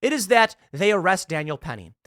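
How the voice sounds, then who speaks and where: A man's voice: sits high, sing-song, fairly quick, a bit bright, no echo, clean studio sound. A man in his thirties hosting a political commentary show, ranting sarcastically and mocking an article he reads aloud. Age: 30s.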